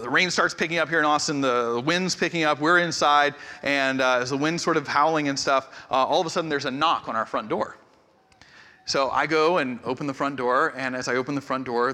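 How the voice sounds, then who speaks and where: A man in his forties, a pastor telling a humorous, self-deprecating story in an animated way, in a large hall. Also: mid-range voice. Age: 40s. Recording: echoey hall reverb.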